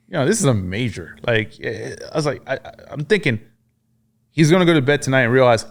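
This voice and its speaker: A man's voice: mid-range voice, very animated, brisk. A man from France, a podcast guest and army veteran, telling war stories in casual conversation, cursing freely and acting out what others said. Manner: profane, acts out quoted dialogue.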